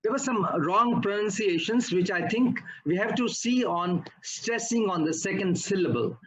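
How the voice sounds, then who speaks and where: Husky man giving grammar feedback. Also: high voice, normal speed, a bit bright, rough recording. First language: not English. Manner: instructive, corrects usage and pronunciation word by word. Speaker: Toastmasters grammarian. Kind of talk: club meeting feedback report.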